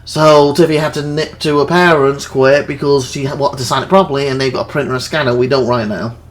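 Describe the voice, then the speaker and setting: A young man hosts a let's play, chatting casually over the gameplay as he rambles through anecdotes and acts out quotes with laughs. His voice is medium-pitched and steady, with a quick pace.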